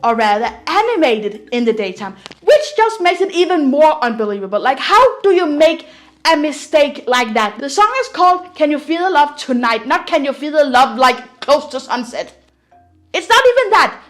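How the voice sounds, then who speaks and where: Young woman, high voice, exasperated reviewer, light music bed. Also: very animated, normal speed. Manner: sarcastic, exasperated critique. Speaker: video commentator. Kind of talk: opinionated movie review. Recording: faint music behind voice.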